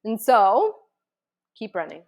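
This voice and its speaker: A woman vlogger telling a personal story in a casual, animated way, with many fillers, acting out her own thoughts. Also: fairly high pitch, takes it slowly, vocal fry.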